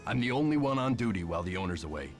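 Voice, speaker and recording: Grumpy game caretaker, low voice, swinging intonation, gruff, music behind. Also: male voice, big pitch swings, very fast. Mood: grumbling. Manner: gruff, put-upon. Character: grumbling overworked male castle caretaker. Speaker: game character.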